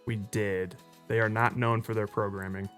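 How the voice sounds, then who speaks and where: A man's voice: lowish voice, level tone, normal speed, a bit bright, soft background music. A man co-hosting a live stream, reading out trivia questions in a dry, wisecracking way. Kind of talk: casual chat on a live stream.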